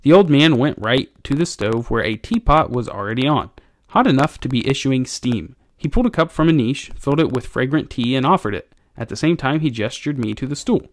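A man, a teacher, narrating an audiobook chapter for his class in a measured, expressive way. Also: mid-range voice, dry recording.

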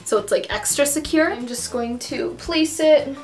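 Chatty young woman, slightly high voice. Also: moderate pace, soft background music. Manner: chatty, many fillers like um and like. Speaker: vlogger. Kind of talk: casual tutorial chat.

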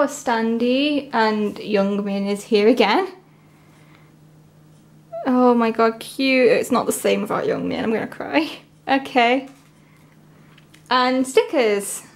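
Woman, unboxing vlogger: higher-pitched, slow and chatty, emotional and rambling. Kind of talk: casual unboxing commentary.

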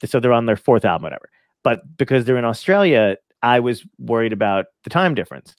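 A man's voice: medium pitch, sing-song, fast talker, no room sound, studio quality. A man hosting a podcast in casual chat, telling rambling anecdotes, swearing freely and laughing often. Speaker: podcast host.

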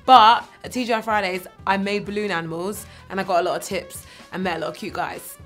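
A British woman in her thirties, a comedian answering quick-fire interview questions in a brash, boastful, self-mocking way. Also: medium pitch, fairly even intonation, a bit bright, soft background music. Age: 30s.

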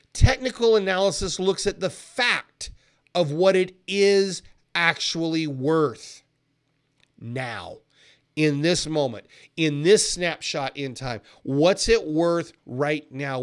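A man teaching a trading seminar in an animated way, laughing often and acting out traders' reactions. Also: a little high. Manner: animated, acts out traders' reactions in quoted voices; laughs often while explaining. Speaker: trading educator.

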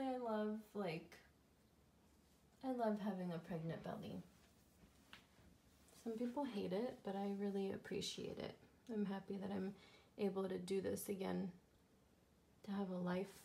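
A woman's voice: steady tone, a little slow, gravelly, pauses often, mellow. A pregnant young woman in her twenties, chatting casually in a vlog update. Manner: chatty, talks baby-talk to her cat in a high sing-song voice. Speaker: vlogger.

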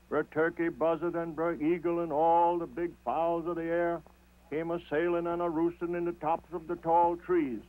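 A man tells a folk tale in a slow, rhythmic, folksy manner, his voice a little high for a man. The sound is thin and tinny, like an old television broadcast. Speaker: storyteller.

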